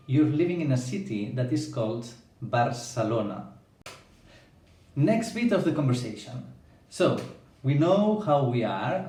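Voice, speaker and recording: A man's voice: mid-range voice, mellow, recorded from a distance. A man explaining a language lesson as a teacher, checking in with the listener by often asking "yeah?". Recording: echoey room, away from the mic.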